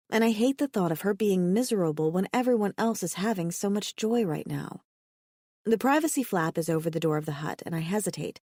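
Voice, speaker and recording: A woman narrating a romance audiobook in first person, expressive, lifting her voice for the heroine's dialogue. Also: lowish voice, no room sound, studio quality.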